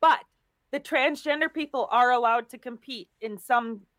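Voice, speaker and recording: A woman with a high voice explains things in a steady, measured way. She sounds like a strength coach talking as a guest in a casual chat. The recording is dry, with no room sound. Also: no room sound.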